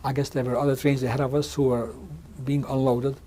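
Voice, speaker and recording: In a museum interview room, a man in his sixties gives oral history testimony as the interviewee. His mid-range voice is mellow and flatly delivered, and he speaks haltingly, often restarting and repeating words. There is slight background noise.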